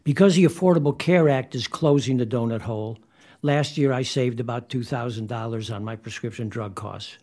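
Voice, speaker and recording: An elderly man in his eighties reads a prepared statement aloud as a hearing witness. His delivery is earnest and measured, and he repeats key points for emphasis. His voice sits at an ordinary middle pitch. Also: dark tone. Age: 80s. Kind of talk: reading prepared testimony.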